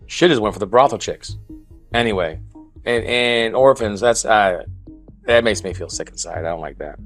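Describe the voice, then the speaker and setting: A man's voice: lowish voice, lively intonation, normal speed, a bit bright, faint music behind. A man co-hosting a podcast in casual chat, cracking jokes and teasing asides. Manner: wisecracking, teasing, offhand asides. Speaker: podcast co-host.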